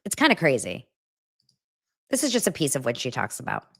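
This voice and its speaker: A woman's voice: a bass voice, huge pitch swings, a little fast, creaky, a bit bright, breathy edge. A woman hosting a celebrity gossip show, talking in a chatty, dramatic, rambling way. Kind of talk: casual celebrity gossip commentary.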